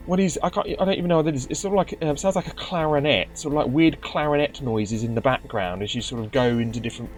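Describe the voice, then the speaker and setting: A man's voice: medium pitch, darkish tone. A man giving casual gameplay commentary, grumbling and sarcastic, with stumbling restarts. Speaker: let's play commentator.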